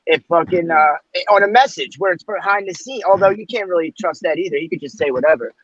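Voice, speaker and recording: A man's voice: fairly high pitch, quick pace, fairly bright tone, no echo. A man on an online panel, talking bluntly and with plenty of swearing in casual chat. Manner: blunt, profane, laughs at jokes. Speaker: panel guest. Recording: dull, lo-fi call audio.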